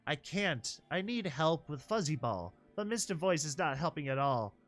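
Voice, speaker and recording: A man's voice: on the high side, very animated, moderate pace, fairly bright tone. A man voicing a young filly foal, childlike and pleading, with a voice that cracks, in a storybook reading. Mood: upset.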